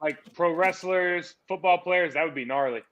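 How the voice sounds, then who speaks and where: A man's voice: sits high, moderate pace, fairly bright tone. A man, a co-host and former pro football player, telling stories in loose, slangy podcast chat. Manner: loose storyteller, slangy, says "dude" and "right?".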